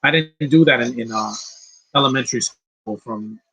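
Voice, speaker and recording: A man's voice: mid-range voice, normal speed, creaky, bright, forceful tone, breathy edge, low-quality recording. A man in his thirties giving casual live-stream movie commentary, rambling and blunt, swearing freely and often restarting sentences. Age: 30s.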